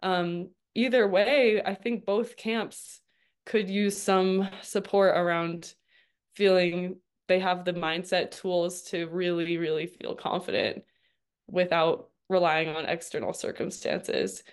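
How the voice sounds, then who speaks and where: Smooth-voiced chatty woman guest. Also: on the low side, fairly even intonation, slow pace. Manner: chatty, laughs often, frequent "like" and "um". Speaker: guest, registered dietitian. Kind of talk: casual interview storytelling.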